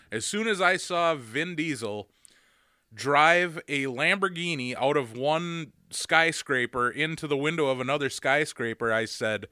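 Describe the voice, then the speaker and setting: Bright-voiced man ranting profanely. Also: mid-range voice, smooth, no room sound, clean studio sound. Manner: profane, ranting, bursts into loud mock yelling. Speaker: podcast co-host. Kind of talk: casual chat.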